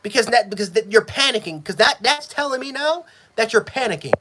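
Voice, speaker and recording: Animated frustrated man reacting live. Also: high-pitched, brisk, noisy background. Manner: frustrated, repetitive, swings from yelling to muttering; profane. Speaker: sports fan streamer.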